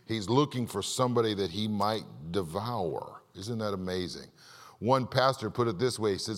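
Give me a man preaching with a lively, swooping delivery, questioning his listeners. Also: lowish voice, moderate pace. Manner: animated, asks the congregation questions, acts out stories. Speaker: pastor. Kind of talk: sermon. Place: church. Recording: long reverb of a large hall.

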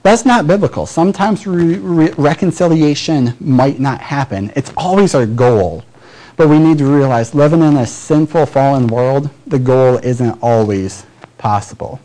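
A pastor from Michigan with a Midwestern American accent preaches conversationally, acting out small everyday dialogues. His mid-range voice is expressive and warm at a normal speed. The recording quality is low.

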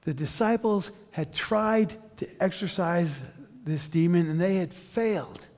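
Brief: male pastor, storytelling sermon, pauses then builds, slightly high voice, reverberant sanctuary. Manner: dramatic storytelling, long pauses, builds to loud intensity.

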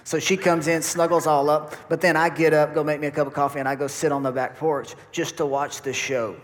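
Folksy preacher in a big hall. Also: male voice, a little high, level tone, fairly quick. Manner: folksy, repeats words, talks to congregation. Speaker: pastor. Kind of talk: sermon. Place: church hall. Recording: long reverb of a church hall.

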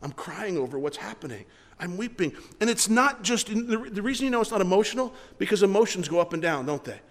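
A male pastor preaching a sermon, emphatic and repeating his words, slowing down to read scripture. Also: sits high. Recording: long hall reverb.

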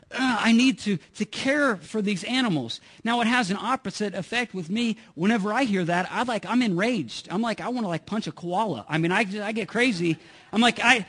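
A middle-aged pastor preaches a sermon conversationally, often repeating words as he restarts. His voice sits high and has a fairly bright tone.

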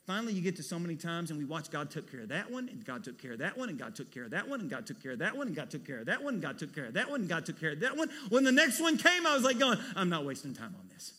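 Animated preacher in echoing hall. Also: male voice, a little high, racing, hardly any pauses, breathy edge. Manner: animated preacher, swings from hushed to loud. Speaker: pastor. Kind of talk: sermon. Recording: long hall reverb.

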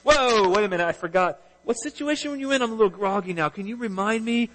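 A man's voice: sits high, fast, in a large hall, noisy background, pitched above the performer's own voice, close to an everyday voice. A man voicing a drowsy, forgetful figure who has just woken up, mumbling and confused. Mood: groggy. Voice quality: drowsy, befuddled. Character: groggy, forgetful, just-woken sleeper, male.

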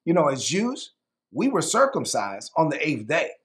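A man's voice: on the high side, huge pitch swings, normal speed, fairly bright tone, pitched below the performer's own voice. A man voicing a pushy male churchgoer who insists on a rule in a casual, matter-of-fact way. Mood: insistent.

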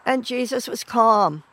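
A woman preaching a sermon in an earnest, unhurried way, often clearing her throat. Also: a little high, a bit bright.

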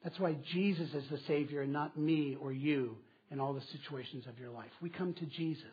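A man's voice: on the high side, brisk, breathy edge, muffled recording. A man preaching a sermon as pastor, asking questions aloud and repeating key phrases for emphasis.

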